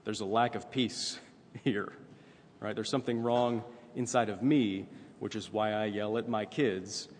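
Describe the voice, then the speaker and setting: A man with a somewhat low voice delivers a sermon in a relaxed, conversational way. He keeps checking in with listeners by asking "right?" The sound carries a long hall reverb over faint room noise. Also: measured pace. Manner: conversational preaching, frequent "right?" asides. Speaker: pastor.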